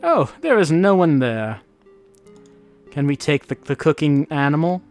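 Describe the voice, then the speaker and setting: Faint game music runs under this man's casual commentary as he plays, thinking aloud in a wry, musing way as the let's-play host. He speaks a little slowly, with a slightly high, darkish voice and big swings in pitch.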